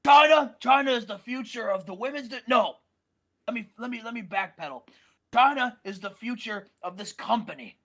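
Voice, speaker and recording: Streamer playing a swaggering old-school wrestler, loud and hyped, pitched up. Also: animated, moderate pace. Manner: hyped, shouting catchphrase style.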